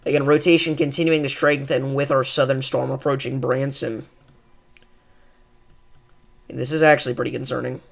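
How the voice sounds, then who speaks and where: A man hosting live severe weather coverage, calmly reassuring viewers and thinking aloud with fillers as he reads radar. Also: medium pitch, moderate pace, creaky, long pauses. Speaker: weather livestream host.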